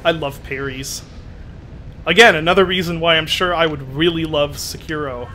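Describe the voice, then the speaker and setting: There's a slight hiss or hum as a man with an unusual voice casually chats during a game stream. Fairly high and sharp, at a moderate pace, he rambles, pokes fun at himself, and exclaims over his mishaps.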